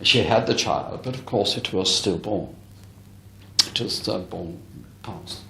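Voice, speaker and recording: A man's voice: sits low, takes it slowly, vocal fry, sharp tone, slight background noise. A man giving a spiritualist lecture as a medium, telling a story earnestly and emphatically to a live audience. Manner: earnest, emphatic, often addresses the audience directly. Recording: echoey hall recording.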